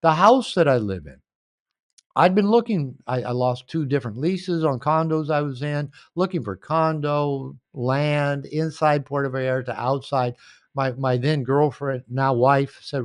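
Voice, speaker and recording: A man's voice: mid-range voice, moderate pace, no room sound, clean studio sound. An older man telling stories in a podcast interview, rambling and anecdotal, recorded at home. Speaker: author and coach.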